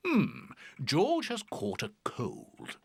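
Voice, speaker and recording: Casting: a gentle cartoon bear doctor, gravelly and husky, dry sound, slow lively delivery. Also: male voice, mid-range voice, no echo, heavily acted. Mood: reassuring. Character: kindly male bear doctor.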